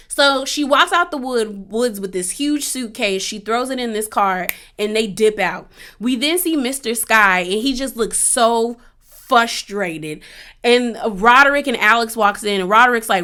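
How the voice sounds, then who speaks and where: A woman recapping a show episode in a casual, animated way, full of slang and sarcastic asides. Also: fairly high pitch, unhurried.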